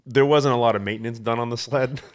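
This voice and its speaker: A man's voice: medium pitch, fairly even intonation, brisk. A man hosting a podcast, telling a story in a casual chat, laughing often and acting out the sounds of what happened. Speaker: podcast host.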